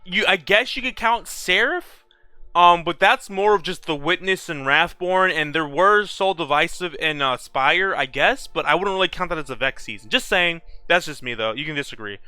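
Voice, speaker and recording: A man's voice: fairly high pitch, animated, normal speed, sharp tone, smooth, no echo. A young man ranting about a game in a casual vlog, swearing often and restarting his sentences. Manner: profane, heated ranting with frequent restarts. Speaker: gaming video creator.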